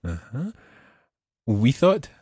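A man's voice: medium pitch, big pitch swings, drawn-out words, warm tone, slightly rough, no room sound, clean studio sound. A man teaching a Spanish lesson, patiently explaining step by step and prompting his student. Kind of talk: spoken language lesson.

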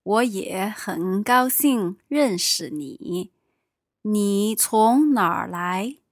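A woman playing a friendly female conference visitor in a calm practice dialogue. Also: mid-range voice, very slow, no room sound, studio quality.

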